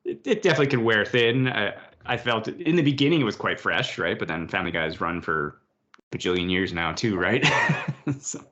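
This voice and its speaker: A man hosting a podcast, chatting casually and retelling scenes with quick put-on voices. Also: on the low side. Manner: rambling, animated retelling with quoted voices. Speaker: podcast host. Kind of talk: casual chat. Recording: dull lo-fi podcast audio.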